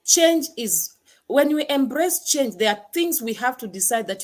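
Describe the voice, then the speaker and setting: A woman's voice: high-pitched, animated, unhurried. A woman hosting a motivational talk, stressing points by repeating words. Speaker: host.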